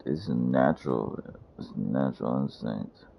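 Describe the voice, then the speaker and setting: A man's voice: rumbling low, normal speed, vocal fry, husky. A man casually commentating his gameplay with profane, joking banter, in a lo-fi recording. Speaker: gameplay streamer.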